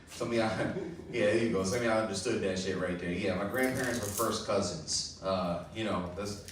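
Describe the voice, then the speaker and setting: A Puerto Rican man doing an open mic stand-up set, telling a story loosely with fillers and going higher when excited. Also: normal speed, noisy background. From Puerto Rico. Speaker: stand-up comedian. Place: small comedy club, open mic. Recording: echoey room, far from the mic.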